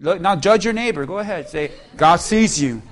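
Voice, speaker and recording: A man's voice: high voice, lively intonation, moderate pace. A male pastor preaching a sermon in church, joking with the congregation and leading call-and-response. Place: church sanctuary.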